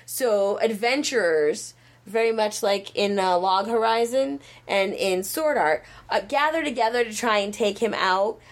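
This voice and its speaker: A woman's voice: mid-range voice, measured pace. A woman chatting casually and rambling a plot summary, full of fillers. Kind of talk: casual chat.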